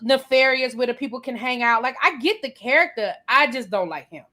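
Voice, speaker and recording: Casual female host, bright, higher-pitched voice, emphatic and chatty, home setup. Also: a little fast. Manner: animated, emphatic, repeats phrases. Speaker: channel host. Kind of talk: casual live review chat. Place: home, getting ready to go out.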